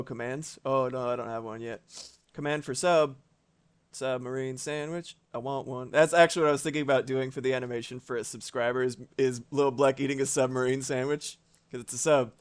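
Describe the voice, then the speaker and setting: Laid-back man in his thirties, smooth resonant tone and average pitch, loose live-stream banter. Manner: relaxed, chatty, reads chat aloud, swears casually. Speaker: streamer and animator. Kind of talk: casual live-stream chat.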